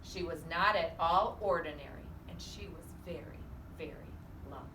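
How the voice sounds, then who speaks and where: A woman preschool teacher reading a storybook aloud and leading a guessing game in an animated, encouraging, singsong way. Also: low-pitched, normal speed, far from the mic. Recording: echoey room, off-mic, faint hiss.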